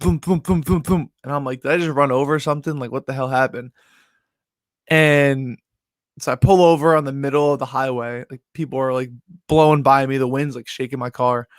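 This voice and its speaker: A young man hosting a sports betting show, telling a rambling, animated story in casual talk full of "like" and "yo". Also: mid-range voice, fairly quick, dry recording, clean studio sound.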